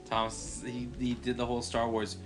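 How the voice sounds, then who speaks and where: A man's voice: medium pitch, monotone, moderate pace. Man, podcast co-host, casual chat, swears a lot, acts out reactions, faint music underneath. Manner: swears freely, acts out his own reactions in story.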